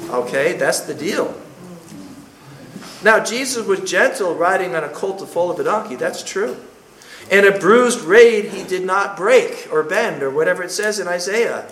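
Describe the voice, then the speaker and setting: A man's voice: high voice, fairly bright tone, echoey room, slight background noise, poor audio. A man preaching a sermon to a congregation, emphatic and punchy, with joking asides.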